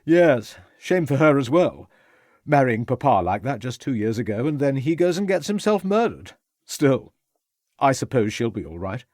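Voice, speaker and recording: A tipsy young toff slurs and rambles cheerfully in a lively, bouncing voice, as a male narrator puts him on. He talks a little higher and louder than the narrator's own voice, in a dry, close audiobook recording. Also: normal speed, dry recording. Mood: breezy. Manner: slurring, chatty, self-pitying. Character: tipsy, rambling young upper-class man.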